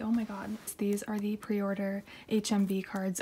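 A woman's voice: medium pitch, normal speed, a little hiss or hum. A young woman in casual chat, unboxing her K-pop haul on her floor at home and gushing, sometimes dropping to a whisper. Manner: gushing, excitable, drops to whispers. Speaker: K-pop collector vlogger.

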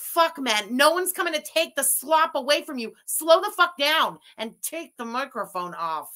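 A woman's voice: sits high, expressive, moderate pace, bright, forceful tone. A woman hosting a live stream, reacting to a video with profane, mocking and heated commentary and reading out viewer messages. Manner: reads out super chats.

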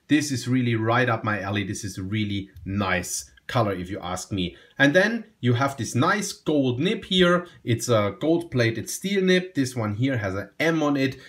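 A man talking through a fountain pen review in a relaxed, enthusiastic way, often repeating himself and restarting phrases. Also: mid-range voice. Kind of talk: casual product review.

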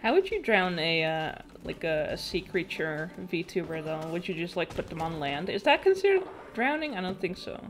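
A woman's voice: lowish voice, very animated, moderate pace, hardly any pauses, slight background noise. A young woman streaming a video game, chatting casually, swearing and laughing as she reacts to the play. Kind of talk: casual gaming stream chat.

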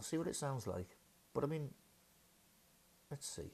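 A man's voice: mid-range voice, animated, measured pace, gravelly, pauses often, darkish tone. Guy fiddling with a new wireless mic at home, lots of uhs and ums, just chatting it through, ordinary mid voice. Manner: thinking aloud, hesitant, many fillers. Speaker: gear reviewer. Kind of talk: casual unboxing review. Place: dining room at home. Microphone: wireless radio mic under test.

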